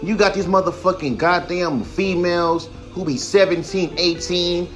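A young man hosts a solo podcast and vents in a heated, profane rant, sometimes mocking others in put-on voices. His voice sits a little on the high side. Faint music plays softly behind him. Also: steady tone, normal speed. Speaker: podcast host.

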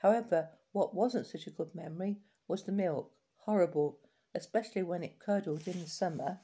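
Mellow-voiced woman reading memoirs aloud. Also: fairly low pitch, husky. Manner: steady, unhurried reading with small restarts. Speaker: reader of collected life stories.

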